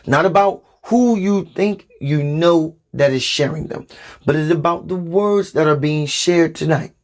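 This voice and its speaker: Slow, deliberate male spiritual preacher. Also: on the high side. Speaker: spiritual podcast host. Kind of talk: spiritual sermon podcast.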